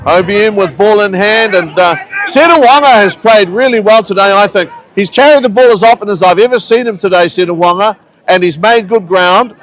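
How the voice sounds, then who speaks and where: A man giving relaxed, chatty live commentary on a local rugby match, with friendly asides between the plays. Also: sits high, a little fast, a little hiss or hum, poor audio. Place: outdoors at a rugby ground.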